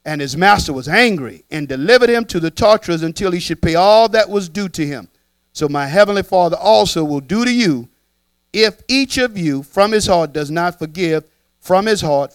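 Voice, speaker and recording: A man preaching a sermon, animated and playful, trading lines with his congregation in a church. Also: fairly high pitch, moderate pace, no echo. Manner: animated, playful, talks back and forth with the congregation.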